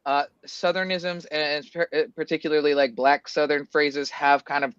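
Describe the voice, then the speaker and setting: A man with a Boston accent, chatting casually on a stream and telling animated stories full of fillers. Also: on the high side, moderate pace, smooth, no echo. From Massachusetts. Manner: animated storyteller, lots of fillers. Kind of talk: casual chat. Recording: dull lo-fi stream audio.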